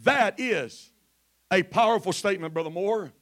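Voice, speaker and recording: A man preaching a sermon in church in a chanting, shouted cadence full of "uh" fillers, sometimes dropping to a quiet delivery. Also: animated, normal speed, vocal fry. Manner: drops to quiet, low delivery at times. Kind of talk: Pentecostal sermon.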